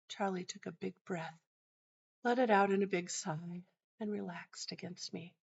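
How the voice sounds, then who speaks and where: A middle-aged woman hosting a teaching show, telling a personal story in a calm, measured way. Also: mid-range voice, creaky, slightly rough. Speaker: host and teacher. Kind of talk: narrating a personal teaching anecdote. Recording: dull lo-fi sound.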